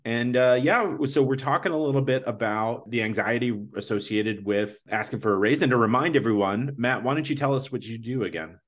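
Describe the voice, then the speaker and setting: A man's voice: mid-range voice, brisk, few pauses, fairly bright tone. A man hosting a podcast, chatting casually and reading ads in a rambling, self-correcting way. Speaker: podcast host. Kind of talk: casual podcast chat and ad read.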